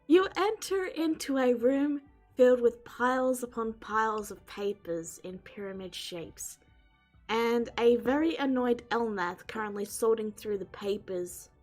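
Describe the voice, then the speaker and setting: A woman narrating a tabletop game as game master, lively and expressive. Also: fairly high pitch, a little slow, faint music behind, rough recording.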